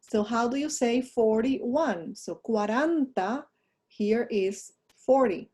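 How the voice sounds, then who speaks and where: A woman's voice: fairly high pitch, takes it slowly, a little mellow, husky. A woman teaching a recorded online lesson, talking through her slides with chatty asides. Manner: talks through a screen while fumbling with her mouse, chatty asides. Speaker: language teacher.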